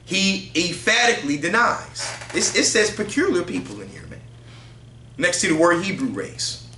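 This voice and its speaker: Lively, bright-voiced man teaching a group. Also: sits high, moderate pace, reverberant, a little hiss or hum. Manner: loose, conversational, asks the room "right?". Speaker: teacher leading a group study. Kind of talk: religious group study, reading aloud from books.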